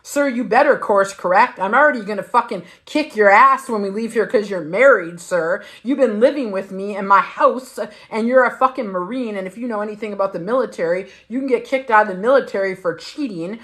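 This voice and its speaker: A middle-aged woman tells a story on her livestream in a casual, animated way. She swears constantly and hits her points hard. Her voice sits at an ordinary pitch for a woman. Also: a little fast, hardly any pauses. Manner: profane, emphatic, animated storytelling. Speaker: livestream host.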